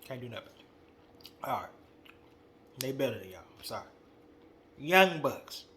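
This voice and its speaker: A young man hosting a wrestling podcast, ranting in a casual, slangy, animated way and calling people out directly. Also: mid-range voice, a little slow, background noise. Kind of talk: casual opinion monologue.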